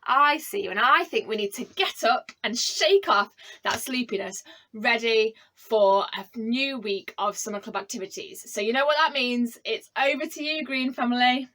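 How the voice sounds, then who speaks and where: A woman's voice: fairly high pitch, normal speed, pushed and bright, low-quality recording. A woman hosting a children's summer club for a church, talking to viewers in a playful, coaxing way. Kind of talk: upbeat address to viewers.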